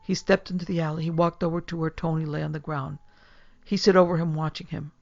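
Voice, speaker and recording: A woman narrating a horror story in a hushed, measured way. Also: sits low, level tone, creaky, dry recording, lo-fi sound. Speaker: narrator and producer.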